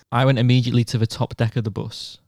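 A man's voice: medium pitch, steady tone, brisk, darkish tone, no room sound, clean studio sound. A young man co-hosting a podcast, telling a story in casual chat. He swears freely and acts out what other people said. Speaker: podcast co-host.

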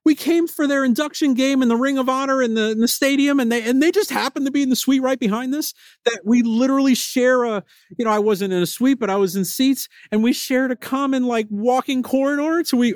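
High-voiced, excitable man podcasting. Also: fairly quick, no echo, clean studio sound. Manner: enthusiastic, rambling, repeats words. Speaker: podcast host. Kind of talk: casual solo podcast storytelling.

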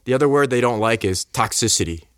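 A man telling a story in casual conversation, animated and acting out the voices of the people in it. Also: medium pitch, quick pace, no room sound, studio quality. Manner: animated, acts out quoted voices. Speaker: guest speaker.

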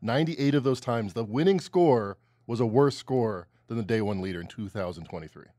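A man co-hosting a sports talk show, tossing out quick, punchy remarks and stats. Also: medium pitch, animated, mellow, no room sound, clean studio sound. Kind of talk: casual sports chat.

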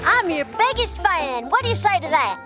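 Gushing, flirty cartoon country star. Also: female voice, extremely high pitch, sing-song, moderate pace. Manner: giggly, coquettish. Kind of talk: cartoon talk show scene. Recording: loud music behind.

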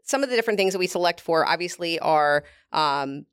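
A woman with a lowish voice talks through her company's cattle program in a relaxed interview. She explains at length, full of fillers and asides. The sound is dry and close. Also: a little fast, smooth, dry recording. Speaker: beef company representative. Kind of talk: casual explanatory interview talk.

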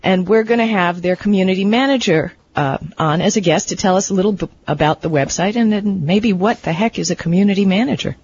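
A woman's voice: medium pitch, a little fast, hardly any pauses, a little mellow. Chatty woman co-hosting a tech radio show. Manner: chatty, laughs easily. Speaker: co-host. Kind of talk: casual radio chat. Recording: slightly dull radio audio with faint noise.

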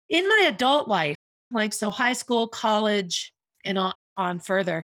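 A woman's voice: medium pitch, fairly bright tone, no room sound. Woman in her 50s, podcast host telling her own story, earnest, repeats herself, very dry close sound. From United States. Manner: earnest and reflective, with emphatic repetitions. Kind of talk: personal storytelling monologue.

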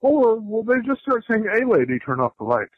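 Speaking at normal speed in a high, very animated voice, a radio worker leaves a casual voicemail that wanders and keeps breaking off mid-thought. The audio is dull and lo-fi, with no room sound.

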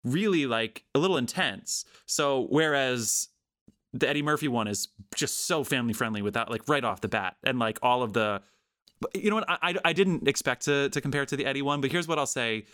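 A man hosting a podcast, talking about films in a rambling, animated way with many restarts. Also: mid-range voice, a little fast, no room sound, studio quality. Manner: rambling, animated, self-interrupting. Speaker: podcast host. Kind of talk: casual film discussion.

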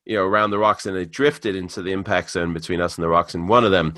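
A man with a low but bright, forceful tone recounts stories in a lively, casual manner. The recording is dry and close, with no room sound. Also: fast, no room sound. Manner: animated, laughs while telling stories. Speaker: podcast co-host. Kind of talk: casual storytelling.

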